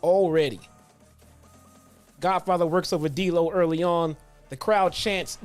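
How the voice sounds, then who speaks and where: A man hosting a casual retro wrestling review, telling stories in a loose, profane, animated way. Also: a little high, measured pace, long pauses, soft background music. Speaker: host.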